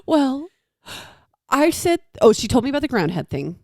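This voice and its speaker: A woman in her thirties shares a story about her daughter with friends. Her voice sits a little high and moves a lot as she acts out each person. The sound is dry and close. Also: very animated, normal speed, dark tone, no room sound. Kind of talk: casual chat.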